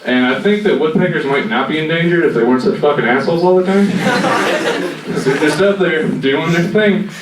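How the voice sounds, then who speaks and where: Rambling young stand-up comic, far off. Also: male voice, fairly high pitch, expressive, moderate pace. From North Carolina, USA. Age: 20s. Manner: rambling, filler-heavy, profane delivery. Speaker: stand-up comedian. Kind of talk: stand-up comedy. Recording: echoey room from far off, noisy.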